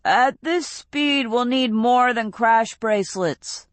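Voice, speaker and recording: Nervous teen boy, woman narrator; raised pitch, anxious questions. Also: takes it slowly, no room sound. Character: nervous teenage boy, jittery and doubtful.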